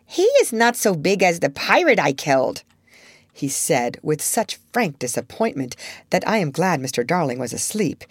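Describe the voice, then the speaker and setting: A woman reading a children's story aloud in a measured, expressive narration. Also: low-pitched, dry recording. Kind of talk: audiobook narration.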